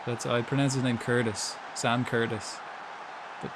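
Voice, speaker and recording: Brief: young Irish man, mid-pitch, loose swearing live-stream chatter, clear hum behind. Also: steady tone, normal speed. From Ireland. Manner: chatty, swears freely, reacts aloud to the game. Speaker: gaming streamer. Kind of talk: casual live-stream commentary.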